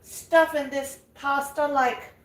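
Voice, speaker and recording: Cooking in her home kitchen, an older woman chats live with vlog viewers and cheers them on. She speaks slowly in a high-pitched, steady tone, and the distant mic picks up an echoey room.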